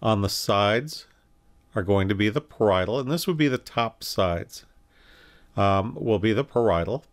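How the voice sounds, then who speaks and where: In a recorded anatomy lecture, a male instructor walks through slides with calm explanations, pointing things out and sometimes correcting himself. He speaks at a measured pace in a fairly low voice.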